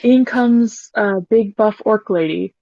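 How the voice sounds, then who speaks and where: A woman narrating as game master of a tabletop game, describing scenes in a relaxed way. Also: mid-range voice, takes it slowly, gravelly, no room sound, muffled recording.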